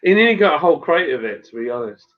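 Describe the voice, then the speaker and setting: A man from Sussex with a relaxed, joking manner, chatting about beer on a live stream. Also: fairly high pitch, rapid-fire, phone-quality sound. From Sussex, England. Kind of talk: casual beer chat.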